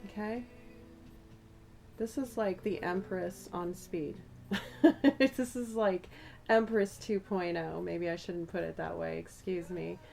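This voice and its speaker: Over background music, a woman muses through a channeled tarot reading, addressing the listener directly. Her lowish voice is creaky and a little mellow, she takes her time, and she's slightly losing her voice.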